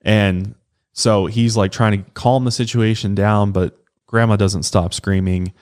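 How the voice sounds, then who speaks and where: A man's voice: fairly low pitch, unhurried. A man co-hosting a podcast, casually recounting a true-crime case and swearing now and then. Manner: relaxed, swears casually, acts out quotes. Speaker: podcast co-host.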